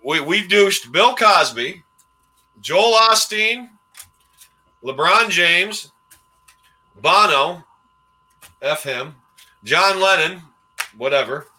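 A man's voice: high voice, expressive, extremely slow, pauses often, pushed and bright. A man in his forties hosting a podcast, telling old stories in a rambling casual way and laughing as he goes. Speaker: podcast host. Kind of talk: casual storytelling chat.

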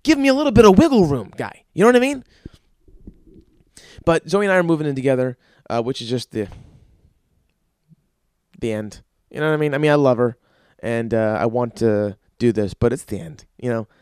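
A young man hosts his own podcast, ranting solo in a crude, rambling way stuffed with fillers. His mid-range voice moves fairly quickly but leaves long pauses, with a darkish, clean tone. The recording is dry and studio quality.

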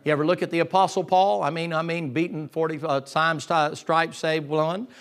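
A man preaching a lively sermon in a folksy, joking way, acting out the people in his story. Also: on the high side, normal speed. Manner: folksy and joking, acts out voices of figures.

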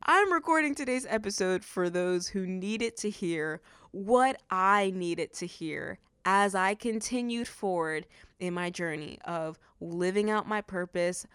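A woman's voice: medium pitch, a little slow, fairly bright tone, smooth, dry recording. Earnest, effusive woman podcast host. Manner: earnest and effusive, many fillers. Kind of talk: faith-based podcast monologue.

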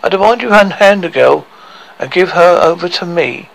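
A man's voice: sits high, expressive, normal speed, creaky, voice pushed up, low-quality recording. A man doing a smug, commanding king. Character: proud self-crowned male king, smug. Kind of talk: improvised storytelling.

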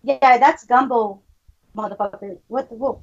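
A woman's voice: a little high, moderate pace, a little mellow. A woman co-hosting a podcast in casual chat, brash, boisterous and swearing freely. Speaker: podcast co-host. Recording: dull lo-fi call audio.

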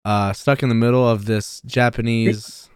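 A man's voice: medium pitch, level tone, moderate pace, clear, resonant tone, dry recording, studio quality. A man co-hosting a casual podcast chat, laid-back and chiming in with short remarks. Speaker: podcast co-host.

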